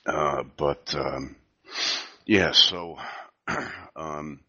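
A man in his fifties with a cold, talking softly and rambling with many fillers in a casual podcast chat over a video call. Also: rumbling low, fairly even intonation, drawn-out words, highs cut off. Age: 50s. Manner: speaking softly, half whispering. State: has a cold. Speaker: podcast co-host.

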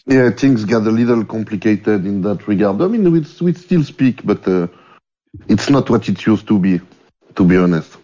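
Low, mellow man with a Swiss French accent. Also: lively intonation. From French-speaking Switzerland. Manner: halting, repeats words as he searches for them. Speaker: returning guest. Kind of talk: casual chat. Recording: muffled lo-fi audio.

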